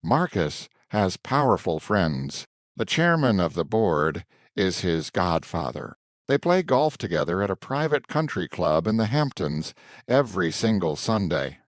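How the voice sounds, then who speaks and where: A poised, shrewd woman assistant, as a man reading aloud puts her on, speaking in measured, earnest sentences. The voice sits deep but rises and falls a lot. The sound is close and dry, with no room around it. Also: dry recording, exaggerated voice. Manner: calm, measured, warning in a hushed tone.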